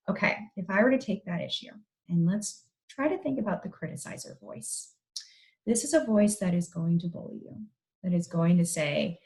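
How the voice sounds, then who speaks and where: A woman in her thirties, a psychologist gently guiding listeners through a reflective exercise in an online talk. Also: deep voice, poor audio. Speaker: psychologist giving a parent talk.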